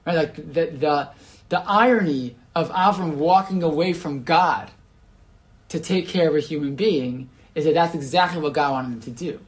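A man's voice: a little high, normal speed. Man teaching a casual Torah class. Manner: conversational, many restarts, asks the group questions. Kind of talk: informal Torah class discussion.

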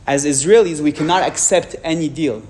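A man with a French accent, giving a public talk and answering audience questions frankly, with measured pauses and restarts. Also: a little high, darkish tone, slight background noise.

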